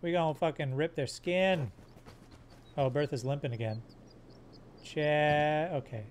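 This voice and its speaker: A man's voice: a little high, a little slow, long pauses, a little hiss or hum. Crude joking male game streamer. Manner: crude, joking, swears often; hums silly sound effects. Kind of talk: live gameplay commentary.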